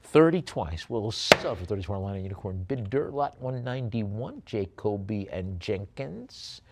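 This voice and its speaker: A male auctioneer calling bids at a live auction, moving between brisk bid calls and rambling, halting asides about the items. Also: fairly low pitch, sing-song, slight background noise.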